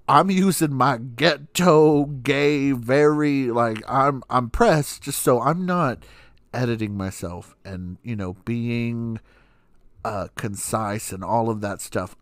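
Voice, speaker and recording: A man's voice: medium pitch, slow pace, fairly bright tone, dry recording, clean studio sound. A young adult man hosting a podcast, telling a story in a casual, sassy and profane way, laughing often. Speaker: podcast host.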